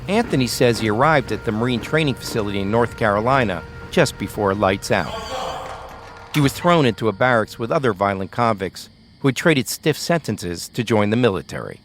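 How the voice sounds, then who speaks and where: A man narrating a documentary podcast in a measured, scripted storytelling manner. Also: fairly low pitch, lively intonation, faint music behind.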